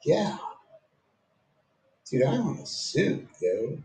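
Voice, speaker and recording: A man's voice: fairly high pitch, animated, moderate pace, a little mellow. Profane ranting man in an echoey room. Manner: profane, rambling rant with frequent "dude". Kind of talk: casual monologue to camera.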